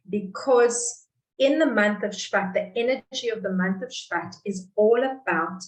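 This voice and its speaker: A woman's voice: medium pitch, distant mic. South african lady dietitian explaining stuff on a video call, roomy echo, sits back from the mic. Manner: explanatory, measured, talks to participants directly. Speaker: clinical dietitian presenter. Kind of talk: online webinar teaching. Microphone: computer mic on a video call.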